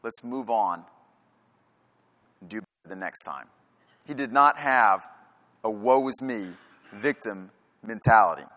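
Man, pastor, sermon, rhetorical questions, emphatic repetition, bright forceful voice, long church-hall reverb. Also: fairly low pitch, a little slow, long pauses.

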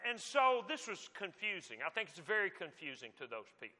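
A man's voice: sits high, big pitch swings, brisk, sharp tone. A man preaching a sermon in a conversational, emphatic teaching manner. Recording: long hall reverb.

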